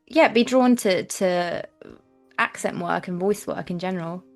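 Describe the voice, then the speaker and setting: A woman's voice: lowish voice, measured pace, faint music behind. A woman hosting a podcast, asking eager, curious questions. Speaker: podcast host. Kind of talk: conversational interview.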